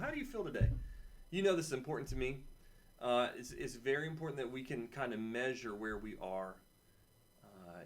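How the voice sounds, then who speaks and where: A man's voice: medium pitch, fairly bright tone. A man teaching a weekly video lesson to children, chatting and encouraging, repeating key phrases and adding playful asides. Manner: playful asides and personal stories. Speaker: camp teacher.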